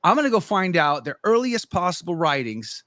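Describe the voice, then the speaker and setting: A man's voice: sits high, very animated, a little fast, fairly bright tone, dry recording, studio quality. A middle-aged man, a podcast guest, animatedly telling his conversion story in casual conversation and acting out his own past thoughts.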